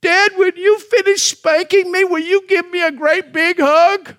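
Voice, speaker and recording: A small boy with a quivering, tearful voice, pleading in a thin, raised pitch high above a grown man's tone, as a preacher puts him on. The child sounds timid and shaky, his words wobbling. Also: steady tone, unhurried, a bit bright.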